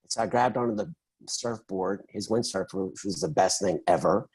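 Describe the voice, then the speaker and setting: A middle-aged man in an interview, telling his story in an animated, conversational way and acting out the voices of the people in it. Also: lowish voice, moderate pace, vocal fry, slightly rough, poor audio. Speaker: interview guest.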